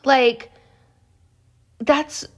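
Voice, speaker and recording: A woman's voice: sits high, steady tone, very slow. Impassioned young woman vlogging. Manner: impassioned, upset, rambling with many restarts. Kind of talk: reaction commentary to camera.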